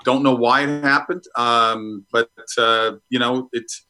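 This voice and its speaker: A man's voice: mid-range voice, fairly even intonation, takes it slowly, sharp tone, rough recording. A middle-aged man from Minnesota, a guest actor talking frankly about his career in a casual interview.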